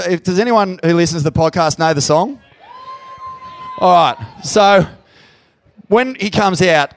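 A man's voice: fairly high pitch, clean tone. Sweary Australian man hosting live. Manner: sweary, emotional, loud on the hype lines. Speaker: podcast host. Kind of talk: live podcast hosting on stage. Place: pub venue with live audience.

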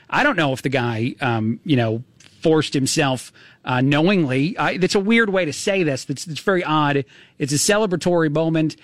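A man hosting a talk radio show, musing out loud with many fillers and restarts. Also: a little high, no room sound. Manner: rambling, full of uh and restarts. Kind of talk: casual talk radio commentary.

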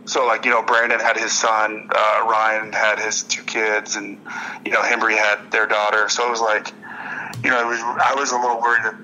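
A young professional baseball player is interviewed in a casual conversation, rambling through stories with lots of restarts. His voice sits on the low side with a sharp tone, and the rough recording carries slight background noise.

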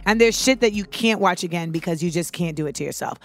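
A woman chatting casually and animatedly, swearing freely and acting out quotes with sudden shouts. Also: lowish voice, quick pace. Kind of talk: casual chat about a TV show.

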